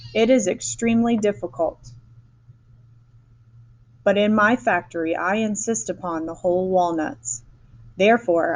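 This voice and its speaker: A woman voicing a brisk, eccentric male chocolate maker who hurries everyone along, reading a storybook aloud. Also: mid-range voice, darkish tone, natural voice, rough recording.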